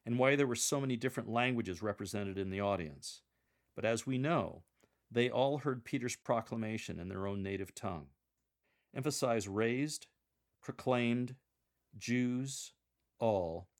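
A man giving measured, deliberate coaching on how to read Scripture aloud. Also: mid-range voice. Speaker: instructor for Scripture readers.

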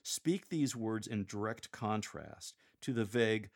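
A man giving measured, explanatory coaching on how to read scripture aloud, slowing down to model the phrasing. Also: lowish voice, expressive. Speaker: lector coach. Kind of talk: instructional talk on reading scripture aloud.

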